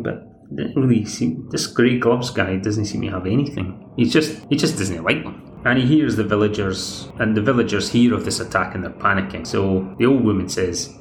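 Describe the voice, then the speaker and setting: A man's voice: lowish voice, creaky. A Scottish man hosting a podcast, recapping a TV episode in a chatty, rambling way with wry asides. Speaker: podcast host. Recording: echoey room.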